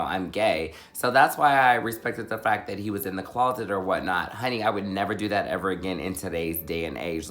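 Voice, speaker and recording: A young man vlogger telling a dramatic personal storytime, animated and full of fillers. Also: low voice. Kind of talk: storytime vlog.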